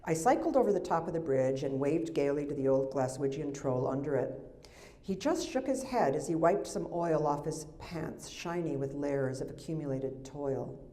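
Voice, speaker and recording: A woman in her sixties from the United States reads her memoir aloud at a festival event. Her voice is low and mellow. She slips into wry, chatty asides between passages. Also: expressive, moderate pace. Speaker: memoir author. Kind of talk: reading from a memoir to an audience. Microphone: microphone.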